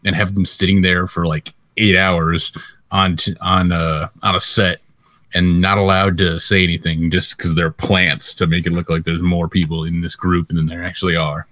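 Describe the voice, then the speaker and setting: Deep-voiced man in teasing podcast banter. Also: flat delivery, normal speed, bright, forceful tone, no echo, studio quality. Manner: teasing, mock-announcer quips. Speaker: podcast co-host.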